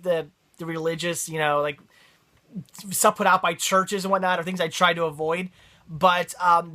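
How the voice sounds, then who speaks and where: Young male vlogger, bright and eager, rambling unboxing chat full of restarts. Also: on the high side. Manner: excited, rambling, frequent laughs and restarts.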